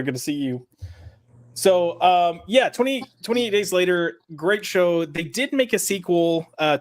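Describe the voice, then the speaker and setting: A man's voice: fairly high pitch, fairly bright tone, dry recording. A man hosting a casual podcast chat, teasing his co-hosts and laughing often. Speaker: podcast host.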